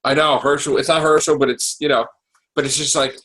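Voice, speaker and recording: Excitable, profane man recapping TV. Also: mid-range voice, a little fast, poor audio. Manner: excitable, profane, animated storytelling. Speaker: podcast host. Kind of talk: casual chat.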